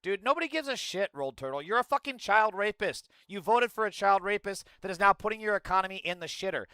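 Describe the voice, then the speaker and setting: Angry high-voiced political streamer. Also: male voice, lively intonation, fast, hardly any pauses, pushed and bright, clear, resonant tone, no echo. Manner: profane, ranting, mocking chat.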